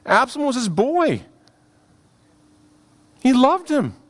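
An extremely high-pitched man preaches a sermon on a scripture passage. His earnest, expressive delivery surges for emphasis and retreats into hushed, deliberate phrases.

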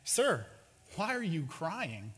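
A man voicing a kindly, cheerful male guide who gently questions and directs a lost traveler in a sermon story. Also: fairly high pitch, huge pitch swings, slow pace, slightly rough, full character voice. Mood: gentle. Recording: reverberant hall.

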